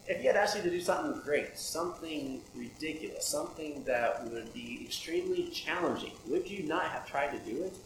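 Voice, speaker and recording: A man's voice: fairly high pitch, lively intonation, moderate pace. Man, preacher, conversational sermon, rhetorical questions, roomy echo, noisy background. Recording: echoey room with audible background noise.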